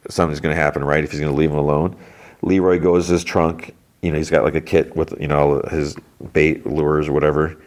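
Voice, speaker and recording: Deep-voiced man recapping a TV episode. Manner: retells scenes loosely, peppered with "like" and quoted dialogue. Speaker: podcast host.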